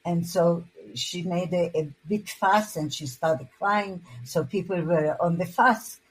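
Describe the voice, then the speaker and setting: A husky, fairly low-pitched older woman gives personal testimony. She speaks haltingly and often restarts her words as she recalls events. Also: rough recording. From Hungary. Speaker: interviewee.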